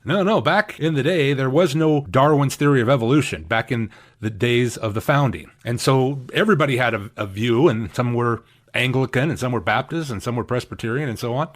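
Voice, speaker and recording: A man preaching a sermon as pastor, emphatic, with lively swings in pitch and acted-out quotes of opponents. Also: fairly quick. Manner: acts out quoted opponents in voices.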